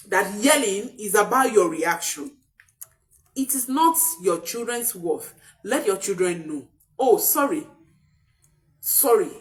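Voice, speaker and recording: A woman's voice: medium pitch, fairly bright tone. A woman parenting coach giving an emphatic motivational talk, often repeating key phrases for stress.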